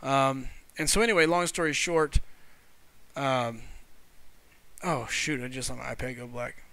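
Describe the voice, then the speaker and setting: Streamer type, man with a Missouri accent, bright and crisp, friendly chat, dry close mic. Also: medium pitch, a little slow, dry recording. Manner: chatty, friendly, reads viewer comments aloud. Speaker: streamer hosting a live game stream. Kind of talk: casual live-stream chat.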